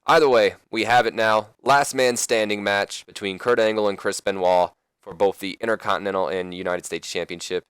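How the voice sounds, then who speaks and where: A man's voice: on the low side, steady tone, normal speed, few pauses, a bit bright, clean tone, no echo. A young man giving casual, rambling commentary on a video game, often correcting himself. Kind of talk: let's play commentary.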